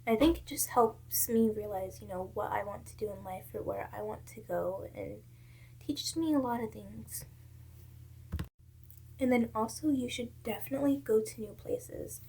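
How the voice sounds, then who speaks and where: A woman's voice: fairly high pitch, normal speed, warm tone, husky. A young woman from South Carolina, a vlogger talking to her camera, giving candid and earnest advice from her own life. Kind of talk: casual advice talk to camera.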